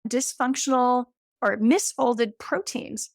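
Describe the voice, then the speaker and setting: Bright-voiced woman in her late fifties. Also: on the high side, slow, vocal fry, dry recording, studio quality. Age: 50s. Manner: enthusiastic, explains with everyday comparisons and frequent "right?". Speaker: interview guest, health company founder. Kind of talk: conversational science explanation.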